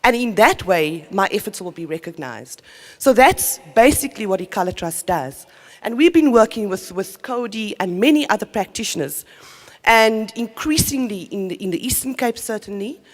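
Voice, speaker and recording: A woman, a community development worker, giving an earnest, energetic conference talk. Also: mid-range voice, normal speed. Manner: earnest, energetic, self-interrupting. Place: conference hall. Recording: long reverb of a conference hall.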